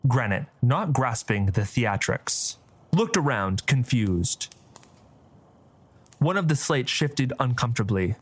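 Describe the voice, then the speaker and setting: Man narrating fantasy with expressive pitch. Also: slow pace. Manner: theatrical, expressive delivery.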